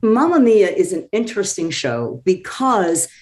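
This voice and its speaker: A woman's voice: mid-range voice, big pitch swings, a little slow, a little mellow. A woman talking enthusiastically as a podcast guest, effusive and chatty. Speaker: guest promoting a community theater show. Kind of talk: casual chat.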